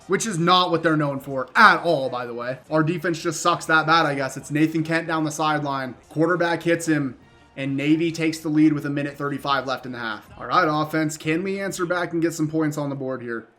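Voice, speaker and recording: A young man giving excitable play-by-play commentary on his own football video game, swearing and venting when plays go wrong. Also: on the high side, a little fast, faint music behind. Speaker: gaming YouTuber. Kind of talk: live gameplay commentary.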